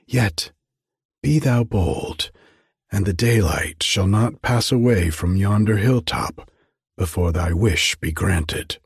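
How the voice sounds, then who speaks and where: A man voicing an ancient, withered old crone who speaks slowly in archaic words, sly and commanding. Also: lowish voice, creaky, breathy edge, dry recording, clean studio sound, heavily acted. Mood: ominous. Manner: slow, archaic, ominous speech.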